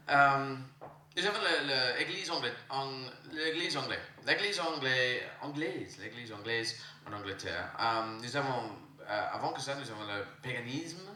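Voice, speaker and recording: A man with an English accent doing stand-up comedy, halting and searching for words, repeating himself. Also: mid-range voice, animated. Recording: live stage with crowd noise.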